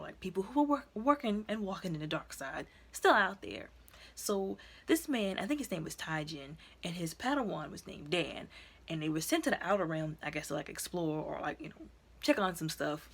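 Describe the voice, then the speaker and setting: A woman retells and reviews episodes in an energetic, rambling way, with plenty of fillers between her thoughts. Her voice sits on the low side with a breathy, husky edge. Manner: chatty, many fillers, energetic storytelling. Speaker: video reviewer.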